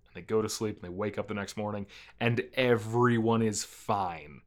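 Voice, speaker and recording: A young man in casual chat about a movie, relaxed and rambling, with lots of fillers and easy laughter. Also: on the low side, normal speed, few pauses.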